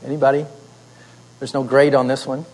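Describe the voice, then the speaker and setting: A man's voice: mid-range voice, level tone, fairly quick, low-quality recording. A man teaching a seminary class how to tell a story aloud, explaining and then telling it himself on a wired mic. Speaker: teacher of oral Bible storytelling. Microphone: wired microphone.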